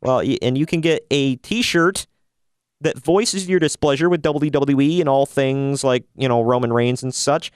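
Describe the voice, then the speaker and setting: A man's voice: mid-range voice, normal speed, smooth, no room sound, studio quality. A man hosting a casual wrestling news podcast, wry and opinionated, often laughing at his own jokes. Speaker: podcast host.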